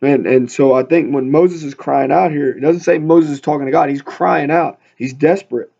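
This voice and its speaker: A man's voice: on the high side, normal speed, vocal fry, warm tone. A man leading a casual Bible study, reading scripture aloud and then riffing on it with humor in a chatty way. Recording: dull lo-fi recording.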